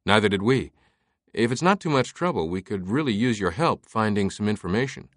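A man doing an earnest polite scholar guy, low voice, dry sound. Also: animated, brisk, no room sound, close to an everyday voice. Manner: courteous, earnest. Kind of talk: audiobook character voice.

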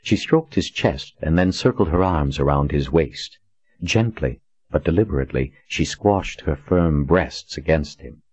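A man with a very deep, husky voice reads a story aloud in a steady, deliberate way. The sound is dry and close, with a dull, muffled tone. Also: dry recording. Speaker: audiobook narrator. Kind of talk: scripted narration.

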